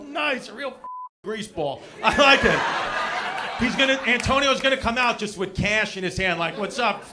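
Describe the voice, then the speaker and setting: A man from Queens doing a stand-up comedy set, loud and animated, shouting punchlines and working the crowd on a comedy club stage. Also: high-pitched, background noise. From Queens, New York. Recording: live club crowd laughing.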